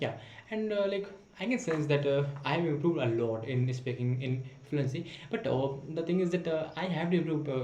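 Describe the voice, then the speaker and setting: A man's voice: a little high, a little mellow, a little hiss or hum. A man practicing English on camera who keeps hesitating and restarting as he searches for words, in a self-recorded monologue. English is not his first language. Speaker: vlogger practicing spoken English. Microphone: camera in front of him. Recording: echoey room.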